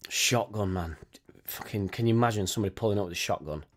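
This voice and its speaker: A man's voice: fairly low pitch, fast. A man hosting a casual live stream, reading out chat and swearing freely as he talks. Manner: swears freely, chatty, tag questions like innit. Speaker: fan channel host reading live chat.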